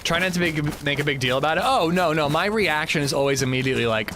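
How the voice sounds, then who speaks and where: A man's voice: fairly high pitch, quick pace, background noise. A man hosting a gaming livestream, chatting casually and telling stories in a joking way. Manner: animated, joking storytelling. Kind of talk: casual chat while playing.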